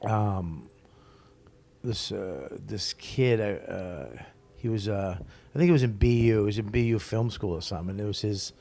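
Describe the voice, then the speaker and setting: A man's voice: on the low side, moderate pace, creaky. A man telling stories as a comic guest in a casual interview, swearing freely and acting out what others said. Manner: profane, animated storyteller who acts out quotes.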